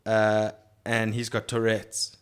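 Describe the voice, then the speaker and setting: A man's voice: fairly low pitch, monotone, takes it slowly, clear, resonant tone. A man hosting a podcast, chatting in a loose, rambling way and swearing casually. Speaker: podcast host. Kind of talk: casual chat.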